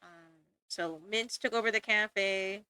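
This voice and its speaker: A woman's voice: medium pitch, takes it slowly, sharp tone, smooth, dry recording. A young woman streamer chatting casually while drawing, rambling and giggling, with casual swearing.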